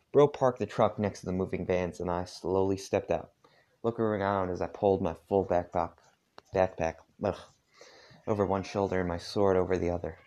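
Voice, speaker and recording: A tired man casually reading a story aloud at home, halting often with asides. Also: low voice, darkish tone, lo-fi sound. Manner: halting, with frequent asides and filler. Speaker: fanfiction reader. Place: dark room at home.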